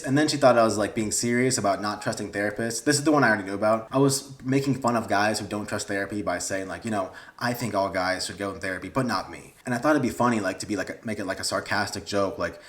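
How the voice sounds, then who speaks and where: A young man, vlogging casually in a rambling, awkward, self-deprecating way. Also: fairly low pitch. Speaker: YouTuber. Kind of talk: casual vlog talk to camera.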